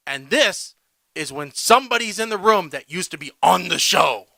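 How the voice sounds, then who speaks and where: Podcast guy going off on a rant, bright voice, dry close sound. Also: on the high side, expressive, measured pace, vocal fry, no room sound. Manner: ranting, keeps tagging "all right?". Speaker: podcast co-host. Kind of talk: casual podcast chat.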